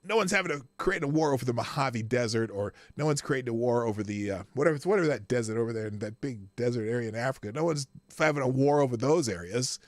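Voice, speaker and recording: Sarcastic male news host, lively pitch. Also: no echo. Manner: sarcastic, rambling. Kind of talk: live news commentary.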